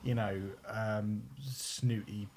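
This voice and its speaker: A man's voice: on the low side, steady tone, very slow, a little mellow, a little hiss or hum. A man co-hosting a music podcast, speaking bluntly and emphatically with casual swearing. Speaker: podcast co-host. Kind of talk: casual music review chat.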